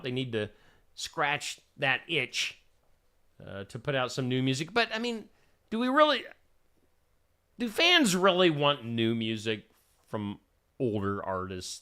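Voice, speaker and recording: A man hosting a casual news roundup, reading quick headlines and adding chatty, opinionated asides. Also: medium pitch, big pitch swings, sharp tone. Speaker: host.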